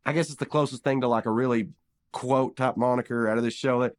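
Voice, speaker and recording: A man hosting a casual podcast, recapping a cartoon episode in an animated way and acting out characters' lines in quick bursts. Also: medium pitch. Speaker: podcast host.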